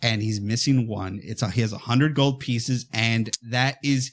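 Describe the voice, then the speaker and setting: A man co-hosting a horror podcast, casually and excitedly retelling a movie and acting out its lines. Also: mid-range voice, a little slow, few pauses. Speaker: podcast co-host.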